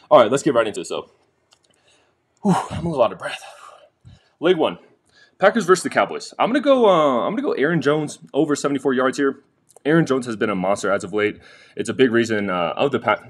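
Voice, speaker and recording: A young man hosting a casual sports betting picks vlog from a quiet room in a busy house, chatty and talking straight to viewers. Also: medium pitch, breathy edge. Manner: chatty, restarts sentences, addresses viewers directly.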